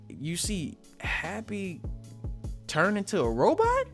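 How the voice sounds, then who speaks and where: A man's voice: medium pitch, normal speed, soft background music. A man giving a casual, joking recap of a manga chapter, full of slang and asides.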